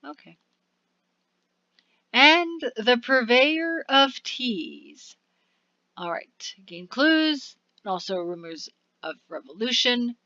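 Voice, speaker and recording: Woman doing a let's play, reads game text real slow, bright voice, dry dull mic. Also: on the high side, expressive, dry recording. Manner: slow, deliberate reading with muttered asides. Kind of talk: game commentary reading on-screen text aloud.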